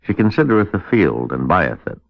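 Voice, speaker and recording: Man, very low voice, measured scripture reading, dull dry old radio sound. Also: big pitch swings, gravelly, no room sound.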